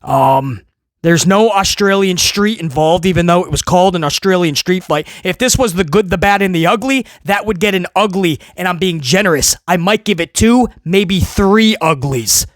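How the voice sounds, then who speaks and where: A wrestling show reviewer hosts a casual video review, ranting sarcastically and sounding exasperated as he rambles with many restarts. His voice is high at normal speed, recorded dry in studio quality.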